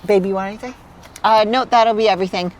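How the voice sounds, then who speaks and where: A young woman vlogger chatting casually, excitable, laughing often and gushing over her pets. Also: mid-range voice, rapid-fire, slight background noise. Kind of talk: casual vlog chat.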